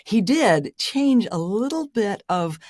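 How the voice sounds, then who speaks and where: A middle-aged woman who is an airline pilot and audiobook narrator tells stories in a casual interview, her medium-pitched voice slow. She's an animated storyteller who laughs often, her voice suddenly jumping up for emphasis.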